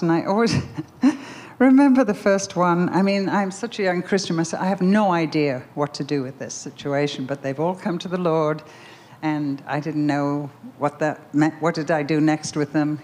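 An older woman speaking at a Christian gathering with a low voice. She tells her story animatedly, posing questions and stressing words. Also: darkish tone. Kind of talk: personal storytelling talk.

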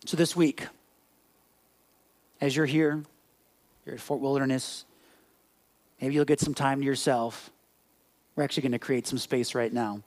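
A man preaching a sermon in an animated way, acting out little scenes and voices before dropping into soft, quiet reflection. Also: mid-range voice, unhurried, pauses often. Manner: animated, acts out scenes and dialogue. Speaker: pastor.

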